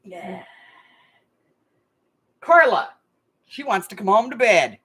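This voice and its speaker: A woman's voice: medium pitch, big pitch swings, slow, a bit bright, slightly rough. Chatty, rambling middle-aged woman. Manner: chatty, rambling, laughs often. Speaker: host of a craft channel live game. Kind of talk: casual chat and storytelling. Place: hot room at home.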